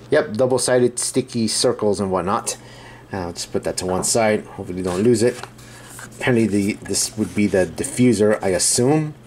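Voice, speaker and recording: A man's voice: fairly low pitch, a little hiss or hum. A man hosting a casual unboxing video, rambling and thinking aloud with hesitant restarts. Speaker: host unboxing a kit.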